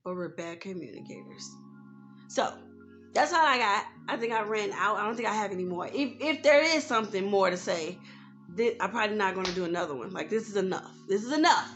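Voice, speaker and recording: A woman vlogger talking candidly in a casual advice vlog, growing loud and heated as she rants. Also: mid-range voice, brisk, faint music behind. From United States. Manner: candid, animated, rising to loud outbursts when ranting.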